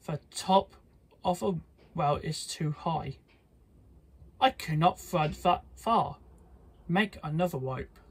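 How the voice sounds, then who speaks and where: Brave sensible little pig, firm and plain, husky slow reader. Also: mid-range voice.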